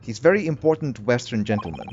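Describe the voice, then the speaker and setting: A man voicing a gruff, hostile sailor guard who speaks blunt broken English with a mock Russian accent. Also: medium pitch, fast, lightly acted. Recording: slightly muffled, steady hiss behind.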